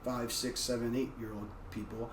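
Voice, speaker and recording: Man guest, casual animated storyteller, roomy far-off mic, faint hiss behind. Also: mid-range voice, moderate pace. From United States. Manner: loose and animated, frequent "like" fillers. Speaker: guest, martial arts practitioner. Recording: roomy, distant mic, faint background noise.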